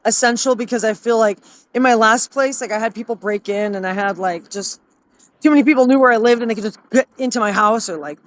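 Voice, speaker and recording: A man's voice: sits high, fairly quick, fairly bright tone, clear, resonant tone. A man co-hosting a comedy podcast, laid-back with crude banter. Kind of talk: casual comedic chat.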